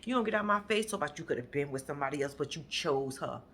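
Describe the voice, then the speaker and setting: Sassy woman, bright and forceful, doing a blunt, profane show-recap rant. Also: sits low, lively intonation, fast talker, a little hiss or hum. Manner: blunt, sassy, profane commentary with sudden loud bursts. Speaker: reality TV recap vlogger. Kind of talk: animated casual recap rant.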